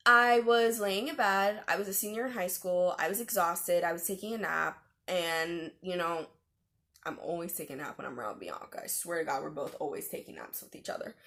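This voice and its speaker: A woman's voice: lowish voice, fairly quick, sharp tone. A young adult woman vlogger telling a personal story to camera in a casual, chatty way, full of slang and fillers.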